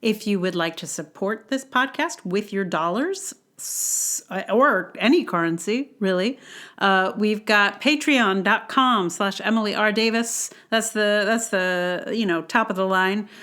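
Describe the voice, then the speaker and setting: A woman's voice: mid-range voice, measured pace, fairly bright tone. A woman from New York hosting a solo podcast, talking in a rambling, chatty way with self-deprecating asides. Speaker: podcast host.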